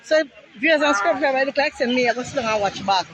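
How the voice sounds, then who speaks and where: A woman's voice: high voice, expressive, fast, a crowd in the background, rough recording. A woman with a Jamaican accent vlogging casually at a busy beach, chatting to her viewers through a phone camera. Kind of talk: casual vlog chat. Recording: outdoor beach noise behind.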